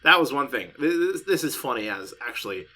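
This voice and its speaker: Bright-voiced young man, podcast co-host. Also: medium pitch, fairly quick. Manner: swears freely, rambling and animated. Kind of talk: casual podcast chat.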